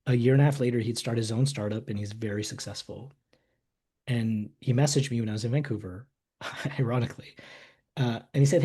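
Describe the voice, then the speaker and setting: A man speaks as a guest on an online webinar, recounting a personal story. His voice has a husky edge and a mid pitch. He tells it in an animated way and often restarts his phrases. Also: fairly quick.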